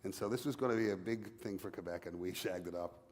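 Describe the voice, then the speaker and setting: A man's voice: deep voice, fast talker, big-room sound, a crowd in the background. A man from Newfoundland, Canada, with a Newfoundland accent, telling a playful story on stage as an author guest at a library event.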